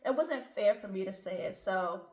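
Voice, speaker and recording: A woman's voice: medium pitch, lively intonation, moderate pace, crowd noise. Chatty woman podcast host, roomy sound. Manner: chatty, laughs often, says "you know" a lot. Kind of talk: casual chat.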